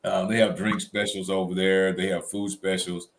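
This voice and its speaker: A man co-hosting a casual chat show, telling weekend stories in an animated, colloquial way. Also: low voice, normal speed, gravelly, a little hiss or hum. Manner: animated storytelling, Southern colloquial. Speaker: co-host.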